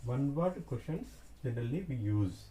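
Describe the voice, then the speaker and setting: A man teaching French in a slow classroom explanation, repeating key words deliberately. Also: mid-range voice, expressive, mellow.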